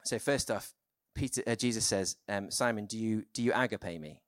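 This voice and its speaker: A male preacher talks through his sermon in an easygoing, conversational way, often pausing on fillers. His voice sits on the low side and is recorded close, with almost no room sound. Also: dry recording.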